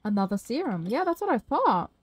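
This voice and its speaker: A woman's voice: fairly high pitch, big pitch swings, fairly quick, husky, low-quality recording. A woman live-streaming a horror game, chatting with viewers, swearing freely and shrieking at scares.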